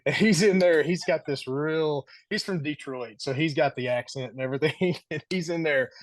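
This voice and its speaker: A man's voice: a little high, animated, moderate pace, no echo. A man guest on a podcast, telling stories casually and animatedly, laughing often and acting out the quotes. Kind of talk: casual storytelling.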